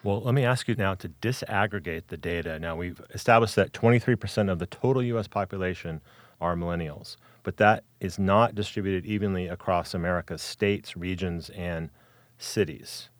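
Brief: male interviewer, low pitch, dry close mic, careful long questions. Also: moderate pace, no echo. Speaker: podcast host.

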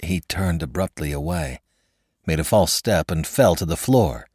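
A man's voice: sits low, lively intonation, measured pace, a little mellow, slightly rough, dry recording, clean studio sound. A man narrating a classic story in a scripted, dramatic reading. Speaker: podcast narrator.

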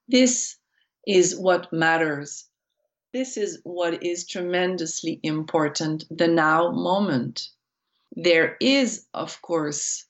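A woman channeling a collective of spirit entities, speaking as "we" in slow, deliberate, repeated phrases. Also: low voice, creaky.

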